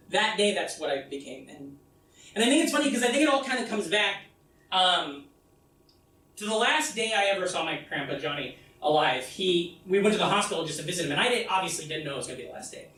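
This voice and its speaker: A man performing a comedic one-man stage show, telling a story with animated delivery and acting out the people in it. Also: high voice, fast, roomy sound, distant mic, rough recording. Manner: animated storytelling, acting out his mom and himself. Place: theater stage. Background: audience laughter.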